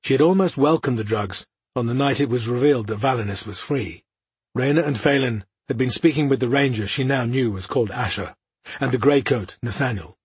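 A man narrating a fantasy audiobook in a steady, measured reading style. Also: mid-range voice, breathy edge, no echo.

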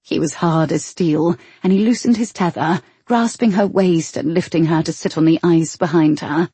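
A woman narrating a romance audiobook in a slow, sensual manner. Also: deep voice, warm tone, husky, no echo.

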